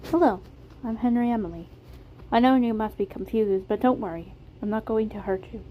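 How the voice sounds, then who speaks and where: A woman voicing a kind, reassuring adult male inventor who speaks calmly and gently. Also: fairly high pitch, fairly quick, phone-quality sound, a little hiss or hum, lightly acted.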